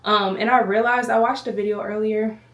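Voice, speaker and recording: A woman's voice: mid-range voice, fairly even intonation, moderate pace, dull audio. A woman vlogger chatting casually to camera at home, slightly out of breath, rambling and addressing viewers as y'all. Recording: echoey room, voice from a distance.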